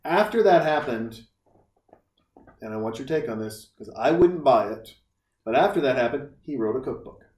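A man's voice: medium pitch, normal speed. A man co-hosting a casual podcast chat, telling stories animatedly and acting out what people said. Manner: animated storytelling, acts out quotes. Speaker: podcast co-host. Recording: echoey room, distant mic.

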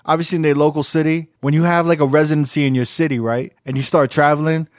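A man's voice: fairly high pitch, fairly even intonation, quick pace, no room sound, clean studio sound. A man hosting a podcast, chatting loosely, laughing and swearing as he tells stories. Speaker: podcast host. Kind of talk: casual chat.

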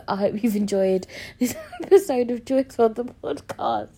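A woman's voice: a little high, lively intonation, a little slow, mellow. A woman hosting a podcast, chatting frankly and crudely with lots of giggling. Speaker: podcast host. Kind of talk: casual chat.

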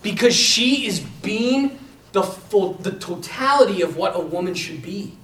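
A young man teaching a class in a lively, animated way, talking to his students as "man" and "you guys.". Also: high voice, measured pace. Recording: echoey room, mic from a distance.

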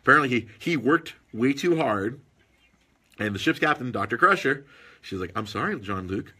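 A man telling stories in casual podcast chat, animated, with husky tone. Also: mid-range voice, moderate pace. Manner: animated storytelling with put-on quoted voices.

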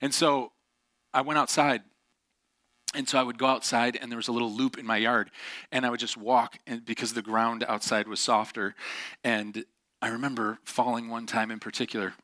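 A middle-aged man preaching a sermon with a bright, forceful voice. He tells his story candidly, with self-deprecating asides and plenty of ums. The sound is dry and close. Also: mid-range voice, little pitch movement, moderate pace, dry recording. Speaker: pastor.

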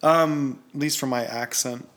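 A man, a music video director and guest, chatting in a relaxed way about his work. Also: medium pitch, a little slow. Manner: relaxed, chatty, laughs easily. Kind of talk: casual chat.

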